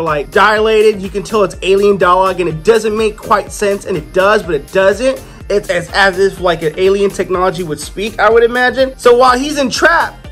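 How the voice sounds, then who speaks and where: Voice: mid-range voice, fairly bright tone. A comic book reviewer in a casual, chatty style, retelling the story loosely with playful asides.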